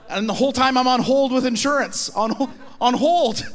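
A Canadian man doing a stand-up comedy set on a theater stage, animated and acting out little scenes and voices. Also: extremely high pitch, quick pace. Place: theater stage with live audience.

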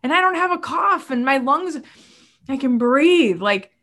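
A woman talking as a guest on a podcast, animated and emotional, acting out quoted voices as she speaks. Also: high-pitched, a little slow. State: moved to tears at times. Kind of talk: casual podcast conversation.

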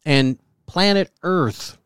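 A man's voice: a little high, slow, fairly bright tone, clean tone, no room sound, studio quality. A man co-hosting a comedy podcast, reading offbeat news items and trading profane jokes. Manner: profane, jokey, reads news items aloud. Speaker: co-host. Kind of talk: crude comedy podcast banter.

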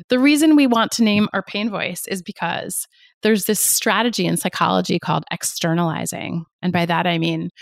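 A woman guest on a podcast, a pain psychologist explaining ideas in an energetic, emphatic way with lots of rhetorical questions. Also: fairly low pitch, creaky, no room sound, studio quality.

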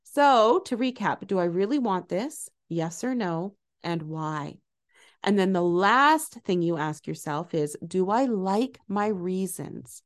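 A middle-aged woman hosting a podcast as an eating coach, talking in a gentle, encouraging and animated way. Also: fairly low pitch, slow pace. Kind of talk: casual solo podcast talk.

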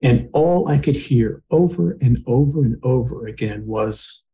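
Male guest, mid-pitch, mellow tone; earnest, heartfelt storyteller. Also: lively intonation, a little slow, gravelly, highs cut off. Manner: earnest, emotional retelling. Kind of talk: personal storytelling in conversation.

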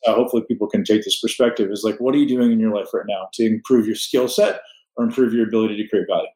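A man's voice: fairly low pitch, steady tone, rapid-fire, mellow. A man hosting a podcast, giving blunt, emphatic motivational advice. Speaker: podcast host. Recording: roomy echo.

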